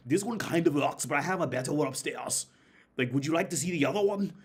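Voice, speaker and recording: A man's voice: fairly high pitch, lively intonation, fast, slightly rough, pitched above the performer's own voice. A man imitating a friendly Austrian man's heavy accent. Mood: polite. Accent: Austrian German. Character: polite Austrian man selling a keyboard.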